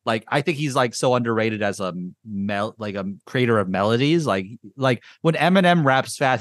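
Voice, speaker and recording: A man hosting a podcast in casual chat, rambling and excitable with lots of filler words. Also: mid-range voice, normal speed, no echo, clean studio sound. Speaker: podcast host. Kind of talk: casual chat reviewing music.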